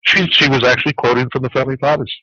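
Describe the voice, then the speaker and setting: A man's voice: medium pitch, fairly even intonation, fast talker, sharp tone, no echo. A man calling in by phone as a radio show guest, teasing the hosts with dry humor. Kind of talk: casual call-in talk radio banter. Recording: dull dry lo-fi phone-in audio.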